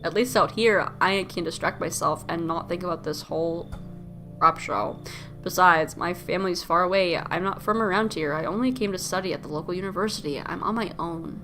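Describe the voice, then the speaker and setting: A woman voicing a lonely young male delivery worker in a video game, with a flat, resigned delivery. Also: lowish voice, fairly quick, faint music behind, voice pushed down. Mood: weary. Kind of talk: game character reading.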